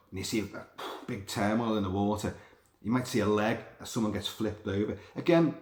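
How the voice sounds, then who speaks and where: A man hosting a podcast, talking in a rambling, sweary, animated monologue. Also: on the low side. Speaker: podcast host. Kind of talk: casual monologue. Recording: roomy echo.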